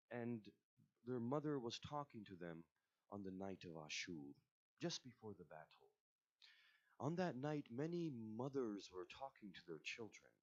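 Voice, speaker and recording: Male majlis speaker, lively and expressive storyteller, muffled recording. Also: on the low side. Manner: expressive, addresses listeners directly. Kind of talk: storytelling sermon. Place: religious centre.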